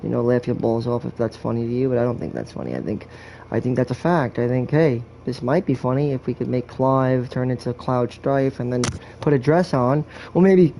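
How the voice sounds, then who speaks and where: A man's voice: medium pitch, brisk, gravelly, warm tone, slight background noise. A man giving a joking, rambling walkthrough commentary on a video game, full of crude jokes and swearing.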